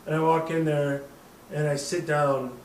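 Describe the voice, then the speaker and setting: A man's voice: on the high side, little pitch movement, unhurried, far from the mic, a little hiss or hum. A man hosting a casual show, rambling through a drunken story with lots of swearing and laughter. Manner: rambling, profane, laughing at his own story. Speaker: host. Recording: roomy, off-mic with faint ambience.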